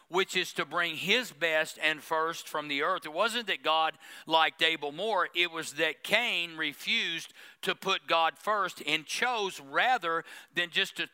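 A pastor preaching a sermon in church, with humor and mock prayers. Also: male voice, a little high, pushed and bright, smooth.

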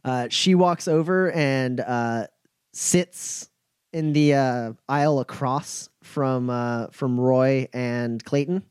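A man's voice: mid-range voice, takes it slowly, darkish tone, smooth, dry recording, studio quality. A man narrating a tabletop game as game master, loosely, with many fillers.

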